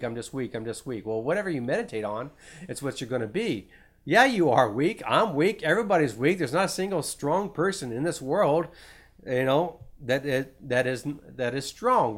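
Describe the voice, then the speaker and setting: A man preaching in an informal, conversational way. His voice sits at an ordinary middle pitch. He rambles, repeats words and starts his sentences over as he thinks aloud. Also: fairly bright tone. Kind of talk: informal Bible teaching.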